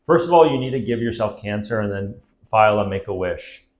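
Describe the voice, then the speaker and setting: Man from Canada, comedian guest, absurd riffs, animated pitch, echoey room. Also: fairly quick. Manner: absurd deadpan riffing. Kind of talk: casual chat.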